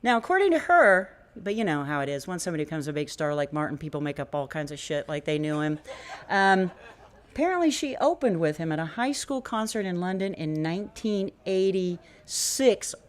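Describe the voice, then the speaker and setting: A woman's voice: lowish voice, very animated, a little fast. A woman hosting a small music cafe, introducing a performer with chatty, rambling stage talk and frequent laughter, speaking into a stage microphone. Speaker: venue host introducing a performer.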